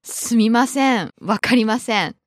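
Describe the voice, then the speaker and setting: A woman's voice: on the high side, normal speed, no echo, clean studio sound. A woman teaching on a language podcast, patiently modeling words and pronunciation. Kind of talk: casual language lesson.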